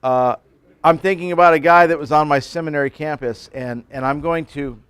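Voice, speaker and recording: Brief: pastor in his sixties, folksy storyteller with jokes, fairly high voice, dry close sound. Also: brisk, a bit bright, clean tone, no echo. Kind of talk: sermon at a men's breakfast.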